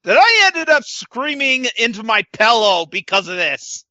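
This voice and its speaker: A man's voice: very high voice, big pitch swings, unhurried, bright, forceful tone, no echo, highs cut off. A man co-hosting a podcast, recapping wrestling in casual chat with a sarcastic, swearing manner. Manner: sarcastic, swears, quotes wrestlers in put-on voices. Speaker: podcast co-host.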